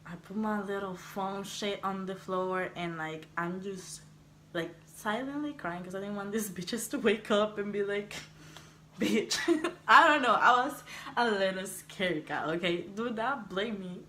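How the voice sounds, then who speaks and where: A woman's voice: medium pitch, measured pace, a little hiss or hum. A young woman vlogger casually telling a personal story, laughing often, swearing freely and acting out what people said. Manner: animated, laughing, swearing, acts out quotes.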